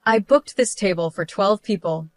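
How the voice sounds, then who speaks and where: A smug, spiteful woman with a syrupy, falsely sweet way of talking, read by a woman narrator. The delivery stays at a middling pitch. The sound is dry and close. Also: normal speed, no echo, close to an everyday voice. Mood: sugary, mocking. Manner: overly sweet, fake concern. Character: smug spiteful woman, sister-in-law type.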